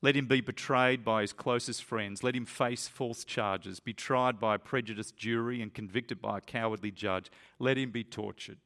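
A man's voice: steady tone, moderate pace, few pauses, a bit bright. Earnest male preacher, emphatic sermon. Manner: earnest and emphatic, climbing higher when stressing points. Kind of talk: sermon with a read-aloud story.

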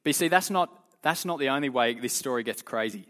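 A man leading a youth Bible lesson, telling the story in an animated, casual way full of slang. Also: medium pitch, fast. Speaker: youth leader teaching.

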